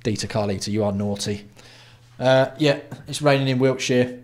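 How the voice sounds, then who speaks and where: A man's voice: mid-range voice, normal speed, noisy background. A man from England hosting a casual livestream, greeting viewers by name with blunt, sweary banter. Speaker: livestream host.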